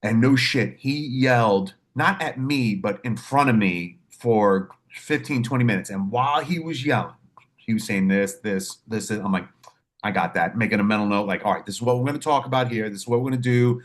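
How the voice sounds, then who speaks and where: A man on a podcast telling animated, profane stories about his clinical work, acting out the voices in them. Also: fairly low pitch, a little fast. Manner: animated storyteller, profane, acts out quotes. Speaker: podcast host, mental health clinician. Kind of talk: casual podcast chat.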